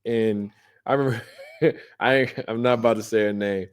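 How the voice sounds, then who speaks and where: A man's voice: on the low side, fairly even intonation, clear, resonant tone. A man co-hosting a casual podcast, telling stories with lots of laughter and restarts. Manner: laughing, halting storyteller with many restarts. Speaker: podcast co-host.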